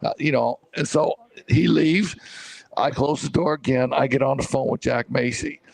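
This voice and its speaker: An older man telling a story in lively, restarting talk, as co-host of a coaching show. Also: medium pitch, normal speed, vocal fry, no room sound. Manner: animated storyteller, many restarts.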